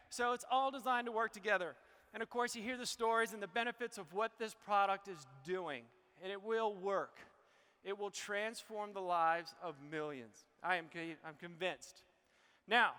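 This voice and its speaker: A man's voice: extremely high pitch, bright, forceful tone. A man giving an emotional, motivational health talk on stage to a live audience. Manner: emotional, preachy motivational delivery. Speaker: health speaker presenting to an audience. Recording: hall reverb.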